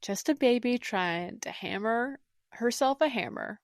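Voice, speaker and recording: A woman's voice: a little high, lively intonation, a little slow, dry recording, clean studio sound. A woman co-hosting a podcast, telling an episode's plot in casual, storytelling chat. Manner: storytelling, warmly recounting scenes. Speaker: podcast co-host.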